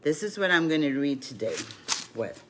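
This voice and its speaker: A woman's voice: deep voice, very animated, moderate pace, very noisy. An older woman and grandmother telling a rambling story between rune and card readings, full of "you know" asides, as a casual vlog.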